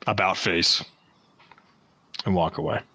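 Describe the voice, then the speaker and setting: A man's voice: low voice, fairly even intonation, slow, pushed and bright, dry recording. A man running a tabletop game as game master, laid-back and jokey, laughing often.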